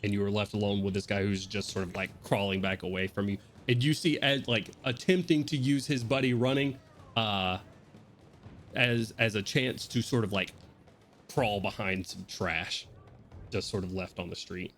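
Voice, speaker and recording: A man narrating as dungeon master of a tabletop game, in a loose, halting way with many fillers. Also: fairly low pitch, steady tone, a bit bright, a little hiss or hum.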